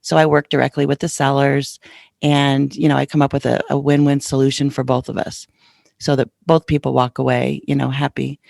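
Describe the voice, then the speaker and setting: A woman's voice: extremely low pitch, fairly quick, creaky, no room sound, studio quality. A woman podcast host casually telling a personal story in a chatty way, acting out what others said to her. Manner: chatty, retells conversations with lively quoted voices.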